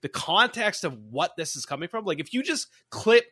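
Man, lively, bright tone, dry close recording, casual podcast chat. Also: high voice, normal speed, husky, no room sound. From Canada. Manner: animated, swears freely, laughs often. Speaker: podcast co-host.

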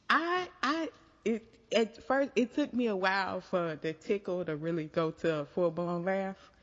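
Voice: medium pitch, a bit bright. A podcast co-host chatting casually with a dry, sarcastic, teasing edge. The sound is dull and lo-fi. A long reverb trails behind every phrase. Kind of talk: casual chat.

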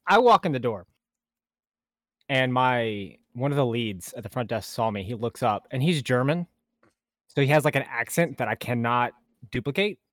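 A man's voice: mid-range voice, sing-song, normal speed, long pauses, a bit bright, no room sound. Young male co-host, laid-back joker, mid-range voice, dry close sound. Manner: joking, laughs often, storytelling. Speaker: podcast co-host. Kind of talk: casual chat.

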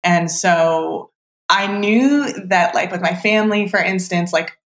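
A woman's voice: lowish voice, unhurried, fairly bright tone. A woman in her thirties, a podcast guest talking casually and reflectively, with lots of filler words. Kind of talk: casual chat. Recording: roomy echo.

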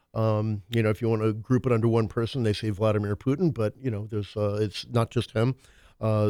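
Heard in clean studio quality without echo, a man with a mid-range, somewhat mellow voice hosts a talk radio show. His casual political talk wanders through current events, hesitant and packed with filler words.

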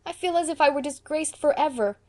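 A woman's voice: high voice, brisk, darkish tone, pitched above the performer's own voice, close to an everyday voice. A woman voicing an idealistic, dramatic eighteen-year-old college girl in an audiobook, speaking with tragic passion. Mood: anguished. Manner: impassioned, tragic.

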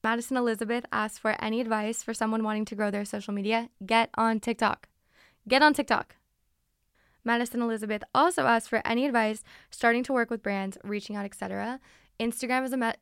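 Young woman, podcast host, chatty and bubbly, a bit high, smooth, close dry studio mic. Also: dry recording. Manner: chatty, bubbly, answers listener questions. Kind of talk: casual solo podcast chat. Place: recording studio. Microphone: studio microphone.

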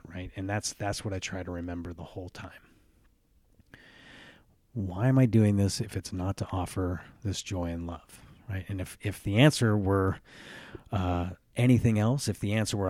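A man's voice: deep voice, steady tone, moderate pace, a little mellow, no room sound. A man hosting a podcast, talking earnestly and reflectively on his own, often restarting phrases and adding "right?" asides. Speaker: podcast host. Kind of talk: reflective solo podcast monologue.

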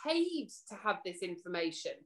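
A woman's voice: medium pitch, big pitch swings, normal speed. A woman hosting a casual chat, speaking passionately and indignantly, with frequent swearing.

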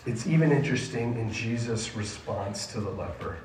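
A man preaching a sermon to a junior high group, emphatic and asking the listeners questions. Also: moderate pace, darkish tone, slight background noise. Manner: emphatic, asks the audience questions. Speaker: youth pastor. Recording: echoey room, mic at a distance, faint ambience.

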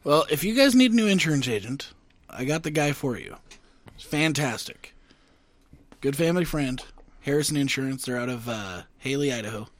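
A man co-hosting a podcast in casual banter, profane and animated as he tells a story. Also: mid-range voice, normal speed. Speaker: podcast co-host.

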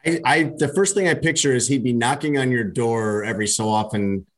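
A man in casual podcast banter with a voice of ordinary pitch. He talks wryly, picturing little scenarios out loud as he goes. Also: fairly quick. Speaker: podcast co-host.

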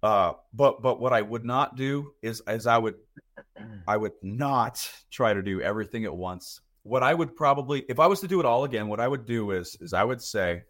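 A man's voice: mid-range voice, expressive, normal speed, fairly bright tone. A man in his thirties, a podcast guest talking casually and rambling, often repeating words as he thinks. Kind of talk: casual chat.

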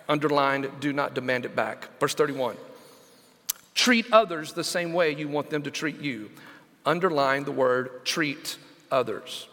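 A male senior pastor preaching a sermon, stressing scripture slowly and calling out to the congregation. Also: fairly high pitch, sharp tone, big-room sound. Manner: emphatic, slows down to stress scripture; engages congregation with call-outs.

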